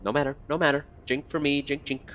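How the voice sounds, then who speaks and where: A man's voice: a little high, little pitch movement, fairly quick, fairly bright tone, slight background noise, voice pushed up, close to an everyday voice. A man voicing a nervous, scrawny old male corpse gatherer in a game who mutters in broken, repetitive speech, on a dull lo-fi recording. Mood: twitchy. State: coughing fits.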